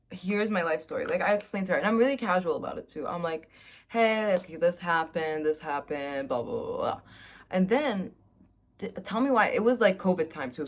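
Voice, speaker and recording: A young woman vlogger in a casual confessional chat, telling candid stories with a self-mocking, chatty humor. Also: fairly low pitch.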